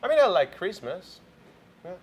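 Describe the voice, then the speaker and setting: A man's voice: high voice, sing-song, moderate pace, husky. A man hosting a morning show in casual chat, playfully quizzing his co-host.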